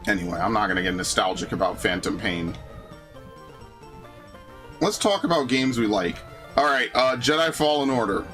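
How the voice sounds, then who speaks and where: A man's voice: fairly low pitch, moderate pace, pauses often, soft background music. A young man hosting a gaming channel, chatting casually and ranting with lots of swearing and "bro.". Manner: animated ranting, profane, frequent "bro" and "dude". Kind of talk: casual chat over gameplay.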